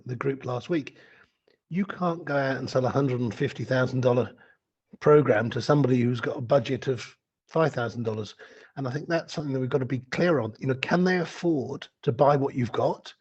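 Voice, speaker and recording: A man interviewing a coach, asking questions in a halting way as he searches for his words. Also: mid-range voice, darkish tone, breathy edge. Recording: dull lo-fi recording.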